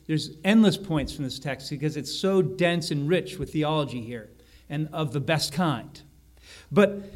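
A man preaching a sermon, slowing and rising on key phrases and often correcting himself mid-sentence. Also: high voice. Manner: emphatic, slows and rises on key phrases, frequent self-corrections. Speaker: pastor.

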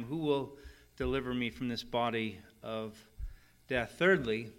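Bright-voiced man preaching a sermon. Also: mid-range voice. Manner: conversational preaching with animated scripture reading. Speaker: pastor.

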